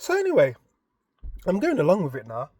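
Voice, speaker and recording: Man vlogger, lively storyteller, very expressive pitch, dry sound. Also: a little fast, slightly rough, no room sound. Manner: animated, expressive retelling. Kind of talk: casual storytelling.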